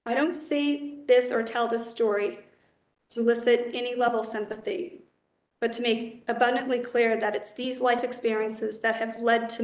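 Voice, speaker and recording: Nominee, woman in her forties, steady and flat, slightly high voice, echoey hearing room. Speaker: judicial nominee. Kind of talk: formal testimony at a public hearing. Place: council hearing chamber.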